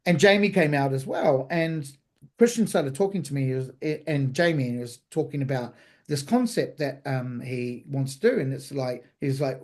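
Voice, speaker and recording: A man's voice: a little high, normal speed. A man from New Zealand, a chef guest on a podcast, telling a story casually with profanity and acted-out dialogue. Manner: animated, profane, acts out quoted dialogue.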